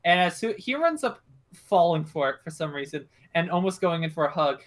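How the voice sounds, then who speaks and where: A woman's voice: fairly low pitch, animated, fairly quick. A young woman narrating a tabletop game as game master, casual and hesitant with many fillers.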